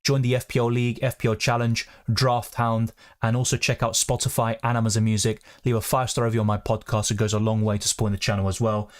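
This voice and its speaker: A young man hosting a live question-and-answer stream, chatting quickly and reading out viewer comments. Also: on the low side, level tone. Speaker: fantasy football streamer.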